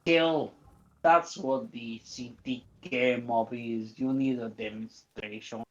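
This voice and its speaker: A man voicing a threatening male mob gang thug in a put-on Russian accent, speaking low and slow. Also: fairly even intonation, muffled recording. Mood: menacing.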